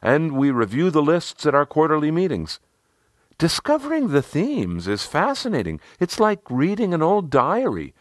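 A man's voice: a little high, wildly swooping pitch, normal speed, no room sound, studio quality, pitched above the performer's own voice. A man voicing a proud, chatty male team leader who talks enthusiastically about his team. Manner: enthusiastic, boastful storytelling.

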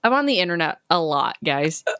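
A woman's voice: lowish voice, big pitch swings, brisk, fairly bright tone, clean tone, dry recording, studio quality. A woman co-hosting a podcast in casual chat, blunt and jokey, swearing and acting out reactions. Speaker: podcast co-host.

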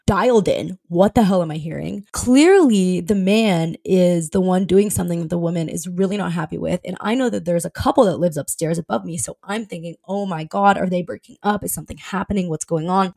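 A young woman hosting a podcast, telling a story in a chatty, animated way, recovering from covid. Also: mid-range voice, creaky. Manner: chatty, animated, swears casually. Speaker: podcast host. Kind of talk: casual storytelling monologue.

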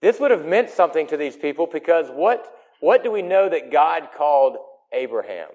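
A man preaching a sermon in an emphatic way, his voice swinging between loud and soft. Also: a little high, lively intonation, normal speed.

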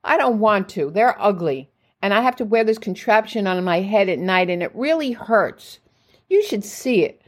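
A woman's voice: lowish voice, very animated, fairly quick, few pauses, mellow. A woman reading the lines of a petulant young girl, the older sister.

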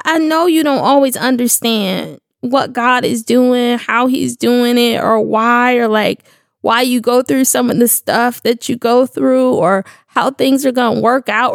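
A woman's voice: sits high, gravelly, no echo, clean studio sound. Emotional woman giving a candid devotional talk. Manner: candid, emotional, conversational with slang. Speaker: faith vlogger speaking to her audience. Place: studio.

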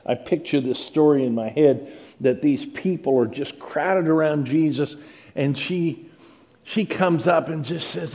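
A man's voice: a little high, a little slow, a little mellow. A middle-aged male pastor reading scripture dramatically and preaching with rising emphasis. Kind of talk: sermon.

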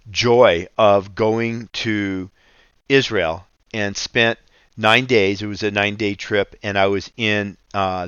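Slow, earnest man hosting a radio ministry. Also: on the low side, a bit bright, clean tone, no room sound, lo-fi sound. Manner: slow, earnest, reads scripture aloud. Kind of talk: radio devotional teaching.

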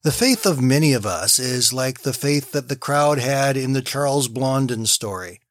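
A man speaks to listeners to open their day, telling a story with easy, storytelling warmth and moving into scripture readings. His voice sits at a middling pitch and sounds close and dry, with no room around it. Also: normal speed, no echo. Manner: warm storytelling, reads scripture aloud with gentle emphasis. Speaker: devotional radio host. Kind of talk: short morning devotional talk.

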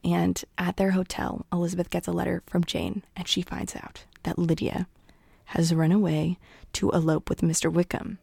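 A woman's voice: on the low side, little pitch movement, moderate pace, vocal fry, dark tone, slightly rough, no room sound, clean studio sound. A woman casually retelling a story in a chatty way, full of asides to listeners. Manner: chatty, full of "like" and "you guys".

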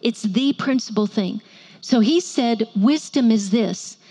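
Soft-spoken woman preaching. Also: a little high, a little slow. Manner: soft-spoken, playful asides, audience call-and-response. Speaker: women's ministry speaker. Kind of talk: sermon to a women's audience.

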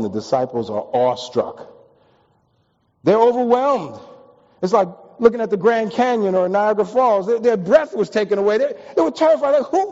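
A pastor from the East Coast preaching a sermon, telling stories with humor and building to emphatic peaks. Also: male voice, high voice, dark tone. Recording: long reverb, dull lo-fi sound.

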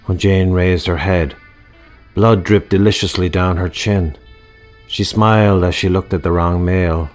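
A man narrating a dark comic story in a wry, measured storybook style. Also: sits low, steady tone, soft background music.

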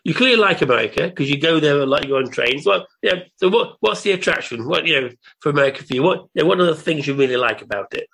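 Male host, slightly higher bright voice, chatty interviewer. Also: lively intonation, fast, vocal fry, few pauses, breathy edge. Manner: leading questions, chatty. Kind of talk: casual conversational interview.

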